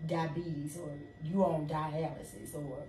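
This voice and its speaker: A woman's voice: sits low, steady tone, slow pace, warm tone. A woman co-hosting a casual faith talk, conversational and restarting her sentences often. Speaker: co-host. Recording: roomy, distant mic, faint noise.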